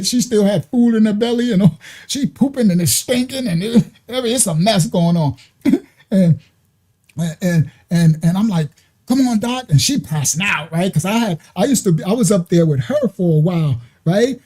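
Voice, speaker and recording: Husky, dark-voiced man telling a story. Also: high-pitched. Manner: animated, laughing, mimics beeping sounds, rambling restarts. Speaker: ministry speaker. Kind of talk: casual storytelling.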